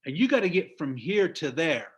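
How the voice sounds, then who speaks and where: Over a video call, a middle-aged business trainer from the US delivers a forceful motivational talk in a husky, high-leaning voice with big pitch swings and a moderate pace. He tends to preach and chuckles at his own anecdotes.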